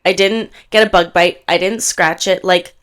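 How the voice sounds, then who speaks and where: A woman in her twenties from Canada, co-hosting a podcast in casual chat, telling an animated story and acting out what people said. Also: fairly low pitch, normal speed. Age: 20s. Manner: animated storytelling, acts out quotes. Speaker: podcast co-host.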